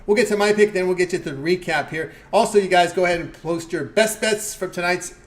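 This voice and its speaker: A man hosting a live sports betting stream, giving picks and promotions in a quick, upbeat patter with fillers. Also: high-pitched. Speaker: sports betting show host.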